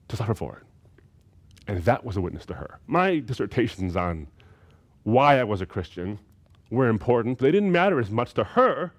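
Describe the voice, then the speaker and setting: Low-voiced man giving an emphatic lecture. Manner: emphatic, repeats key phrases for effect. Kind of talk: recorded seminary lecture.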